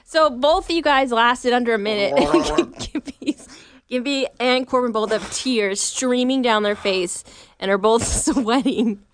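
High-pitched woman narrating, slow. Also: a crowd in the background. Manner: giggly, play-by-play narrating. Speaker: co-host. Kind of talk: casual radio show banter.

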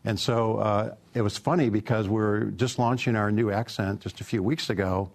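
Full of fillers and anecdotes, a relaxed middle-aged auto executive with a gravelly, low voice fields interview questions. He keeps a steady tone at a moderate pace.

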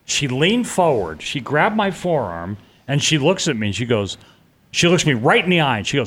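A man's voice: mid-range voice, sing-song, moderate pace, a bit bright, husky. A middle-aged man telling a personal story in a casual, vivid way as an interview guest, acting out the voices of the people he quotes.

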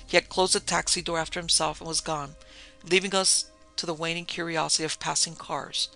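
A man narrates a novel in a steady, measured audiobook reading. His voice is gravelly and very bright, pitched somewhat high, with faint music beneath. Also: low-quality recording. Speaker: audiobook reader. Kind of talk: scripted narration.

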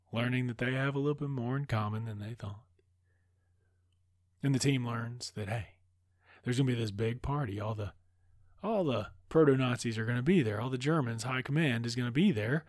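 A man's voice: mid-range voice, normal speed, no echo, clean studio sound. A man casually recapping a movie plot, rambling and swearing freely as he goes.

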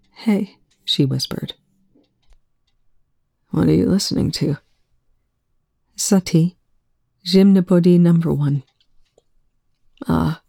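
Woman, story reading, hushed, slow, gravelly low voice. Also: no room sound, clean studio sound. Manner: soft-spoken, slow and hushed. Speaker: fan fiction reader. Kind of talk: reading fiction aloud, then casual commentary.

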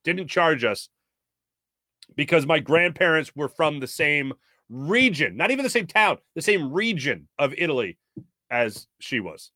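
A man's voice: on the high side, sing-song, measured pace, pushed and bright, no echo, clean studio sound. A man hosting a sports talk show, chatting casually with lots of fillers while reading viewer comments. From United States.

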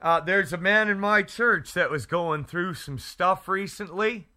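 A man hosting a Christian radio talk show, speaking fervently and haltingly, with many restarts and fillers. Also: high voice, sharp tone. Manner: fervent, prays aloud. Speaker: Christian internet radio host. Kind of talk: casual faith talk show. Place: Edmonton area.

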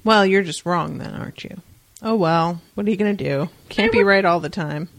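A woman hosting a casual book discussion, retelling scenes with animated, dry asides and frequent swearing. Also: fairly low pitch, normal speed, no room sound. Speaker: podcast host.

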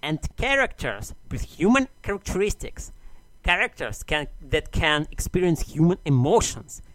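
A man's voice: a little high, big pitch swings, normal speed, fairly bright tone, no echo. A man delivering a mock-grandiose, argumentative monologue in an audio message sent to a show. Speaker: listener sending an audio message. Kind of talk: read-out monologue.

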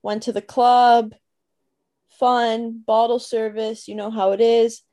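A woman's voice: fairly high pitch, little pitch movement, slow, warm tone. A young woman podcast co-host from Canada, chatting casually and telling a story with lots of fillers. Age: young adult.

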